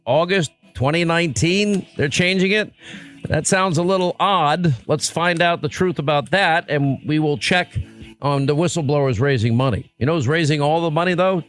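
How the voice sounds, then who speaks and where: A man's voice: on the high side, moderate pace, a bit bright, soft background music. A man hosting a talk radio show, speaking in an emphatic, combative monologue into a studio microphone.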